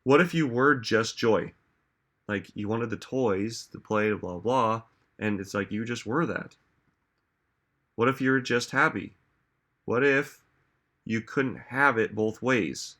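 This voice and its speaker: A man's voice: mid-range voice, takes it slowly, long pauses, fairly bright tone. A man giving a reflective motivational talk, musing aloud and asking listeners many rhetorical questions. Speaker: self-help speaker.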